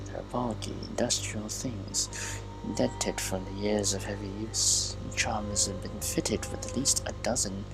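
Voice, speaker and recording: A man's voice: on the low side, rough recording. A man playing a game and reading its text aloud in a casual way, often stumbling and restarting words. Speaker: gamer.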